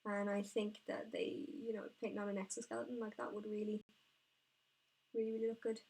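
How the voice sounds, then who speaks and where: Chatty, excitable woman painting live. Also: mid-range voice, brisk, breathy edge. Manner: chatty, excitable and rambling, often talking to herself. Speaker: miniature painter streaming her work. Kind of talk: casual live-stream chat while painting.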